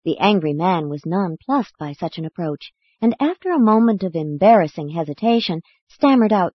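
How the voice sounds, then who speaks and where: A woman narrating an audiobook in a steady, unhurried way. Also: lowish voice, slightly rough, no echo, highs cut off.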